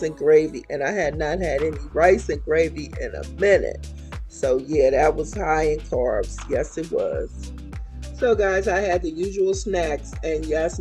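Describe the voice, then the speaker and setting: A woman, chatting casually and warmly to viewers in a homey way in her weight loss vlog. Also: low voice. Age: 50s.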